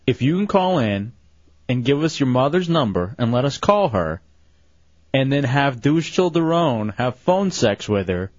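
A man's voice: mid-range voice, sing-song, a little slow, a little mellow, no echo, lo-fi sound. Guy hosting a raunchy radio show, voice bounces all over, dry studio sound. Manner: mocking, teasing, wisecracking. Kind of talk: crude comedy radio banter.

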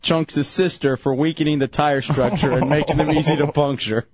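A man's voice: a little high, fairly even intonation, normal speed, background noise. A man hosting a radio show, bantering loosely and joking with fillers and restarts. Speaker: radio host. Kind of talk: casual morning-radio banter. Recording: dull lo-fi radio broadcast.

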